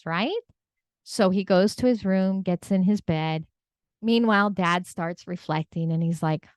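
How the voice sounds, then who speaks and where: Middle-aged woman coaching, low-ish voice, chatty and earnest, dry close sound. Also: normal speed, no room sound. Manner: earnest, conversational, tag questions. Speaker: real estate coach. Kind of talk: motivational teaching talk.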